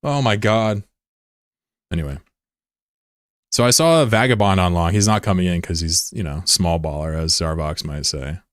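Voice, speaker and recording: A man streaming a game and chatting casually, rambling and swearing, who jumps into high-pitched shouting when something excites him. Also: normal speed, no echo, studio quality. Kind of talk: casual live-stream chat over gameplay.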